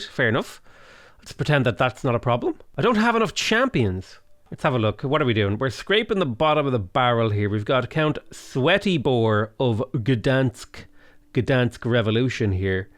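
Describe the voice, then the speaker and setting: A man talks through a strategy game in a rambling, joking way, often stopping and restarting his sentences. His voice swings widely up and down in pitch. The sound is dry, with no room echo. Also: fairly bright tone. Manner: joking, rambling asides, self-interrupting. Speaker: gaming YouTuber.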